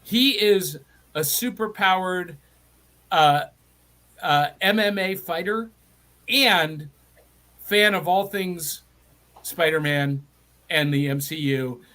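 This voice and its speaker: A man's voice: high voice, slow, long pauses, sharp tone. A middle-aged man from Middle Tennessee hosting a live online show, chatty and enthusiastic with frequent restarts. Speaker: host.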